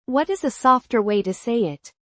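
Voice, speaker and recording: A woman reading an English lesson in a clear, measured way, saying each example phrase twice. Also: a little high, animated, fairly bright tone, no echo. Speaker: English teacher voice. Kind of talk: slow scripted language-lesson reading.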